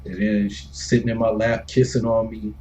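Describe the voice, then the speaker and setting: A man's voice: lowish voice, level tone, normal speed, a little mellow, low-quality recording. A man streaming a game and casually telling a story with loose, laid-back talk, swearing freely and chuckling between lines. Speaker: gaming streamer.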